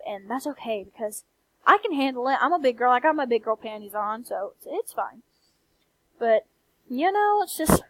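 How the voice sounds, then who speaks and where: Young woman, country accent, soft-spoken late-night rant, blunt and candid, swears, dry close sound. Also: fairly high pitch, no echo, rough recording. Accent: American country. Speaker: vlogger. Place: quiet room late at night.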